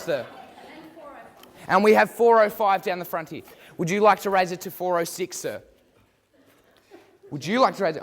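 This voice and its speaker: A man calling bids in a theatrical mock auction, repeating his prompts to the crowd. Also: high voice. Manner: theatrical, repetitive bid calling. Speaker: student auctioneer. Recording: long hall reverb.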